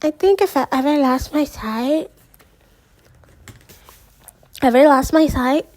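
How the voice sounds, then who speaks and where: A woman's voice: high-pitched, moderate pace, a little mellow, pitched above the performer's own voice, close to an everyday voice. A woman voicing Suzanne, a blunt, curious teenage girl asking naive questions in a storybook reading.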